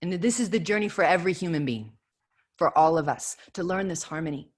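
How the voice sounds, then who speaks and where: Earnest woman leading a spiritual talk, lower voice. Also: a little fast. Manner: earnest and emphatic, repeating affirmations. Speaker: spiritual teacher leading a prayer circle. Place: home video call.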